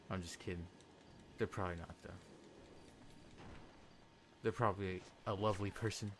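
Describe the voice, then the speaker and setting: A young man giving casual, excitable commentary over his own gameplay, swearing and bursting into loud outbursts. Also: low voice, normal speed, long pauses, background noise. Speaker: gameplay video host.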